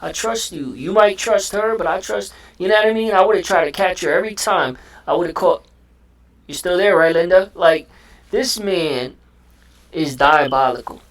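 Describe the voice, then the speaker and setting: A man talking casually as a host, with lively slang, acting out what he would say. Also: high-pitched, normal speed. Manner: animated slang-heavy talk, acts out what he would say. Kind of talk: casual chat.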